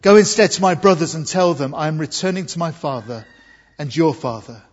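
A man from England preaching an Easter sermon, earnest and emphatic, slowing down on key words. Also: on the high side, expressive. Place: church. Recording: dull muffled sound with long hall reverb.

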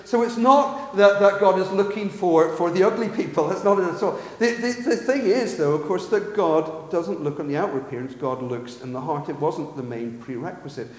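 Man, preacher, earnest sermon, rhetorical questions, slightly high voice, roomy church hall. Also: normal speed, hardly any pauses. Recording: echoey, long hall reverb.

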